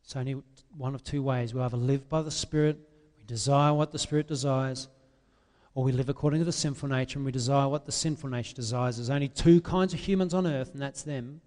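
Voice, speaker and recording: A man preaching an impassioned sermon, swinging between loud, drawn-out pleas and quiet, confessional asides. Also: medium pitch, steady tone, long reverb tail.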